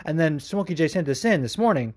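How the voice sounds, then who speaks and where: A man talks on his podcast in a loose, profane rant, pressing his points over and over. His voice sits a bit high and the sound is dry and close, with no room around it. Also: expressive, a little fast, dry recording. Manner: profane, ranting, emphatic. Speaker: podcast host. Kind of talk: casual chat. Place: home room with cats.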